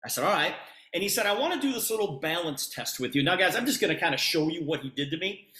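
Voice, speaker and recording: A man presenting on a video call, telling an animated story and acting out both sides of a conversation as a sales pitch. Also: quick pace, roomy sound. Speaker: presenter on a business opportunity call.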